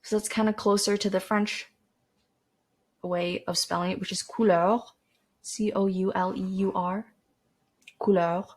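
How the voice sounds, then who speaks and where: A woman's voice: medium pitch, flat delivery, moderate pace. Rambling, chatty teenage girl. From Canada. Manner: rambling, chatty, with many fillers and restarts. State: dry throat. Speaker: podcast host. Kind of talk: casual chat to camera.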